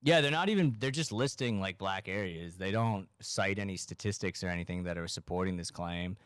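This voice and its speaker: A man from Massachusetts hosting a casual comedy podcast, rambling in a deadpan, ironic way with lots of "like". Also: low-pitched, fairly quick, smooth, dry recording. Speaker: podcast host.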